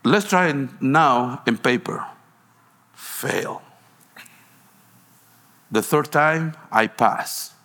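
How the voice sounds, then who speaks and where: A man's voice: mid-range voice, animated, slow pace, few pauses, fairly bright tone. A man from Guatemala, a pastor preaching a sermon in a storytelling way, with broken phrasing and frequent restarts.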